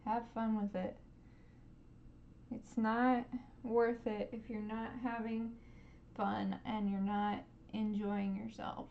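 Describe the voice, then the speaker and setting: A woman streaming a live painting lesson, gently encouraging viewers and making playful sound effects as she paints. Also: mid-range voice, level tone, slow pace, vocal fry, highs cut off, a little hiss or hum.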